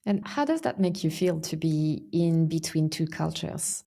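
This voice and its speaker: A woman hosting a podcast, asking questions in a warm, conversational way. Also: sits low, animated, unhurried, creaky. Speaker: podcast host. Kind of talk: podcast interview.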